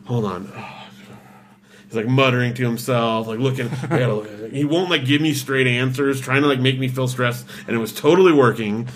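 A man chatting casually, his voice medium-pitched with a faint hiss or hum behind it. He retells a story fast and animatedly, acting out the voices of the people in it and packing his speech with "like."

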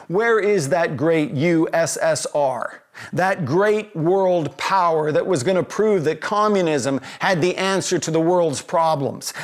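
Preacher with a fairly high voice. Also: male voice. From Canada. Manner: earnest, rhetorical questions, reads scripture aloud. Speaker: pastor. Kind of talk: sermon.

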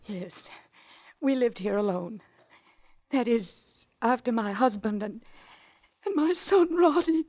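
A grief-stricken widow speaks in a high, trembling voice, stammering as if close to tears. The sound is close and dry, in the manner of a 1940s radio mystery. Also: female voice, animated, unhurried, long pauses, a little mellow, no room sound. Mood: shaken. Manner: stammering, tearful, near hysteria. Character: grieving widowed mother, hysterical and fragile.

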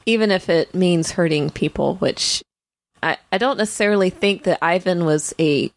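Female podcast co-host, deep gravelly voice, dry close sound, halting casual delivery. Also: no room sound. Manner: hesitant, full of "you know" fillers. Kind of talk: casual chat.

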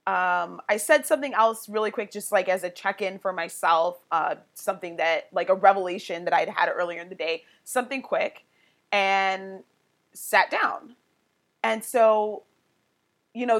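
A woman's voice: medium pitch, fairly bright tone. Candid woman telling a personal story. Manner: conversational, heavy use of "like" and "you know"; candid and emotionally open. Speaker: podcast guest, coach. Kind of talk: personal storytelling in a podcast interview.

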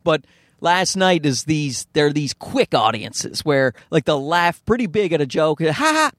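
A stand-up comedian delivers a casual solo podcast monologue, rambling, running himself down, and now and then slipping into mock voices. His fairly high voice is expressive and unhurried. He's recorded on a studio mic through a field recorder.

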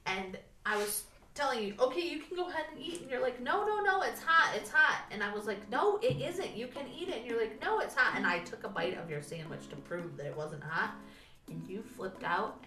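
A woman's voice: mid-range voice, expressive, brisk, a bit bright, echoey room, far from the mic, faint music behind. A woman co-hosting a casual podcast, telling stories and acting out quotes expressively. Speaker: podcast co-host. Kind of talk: casual chat.

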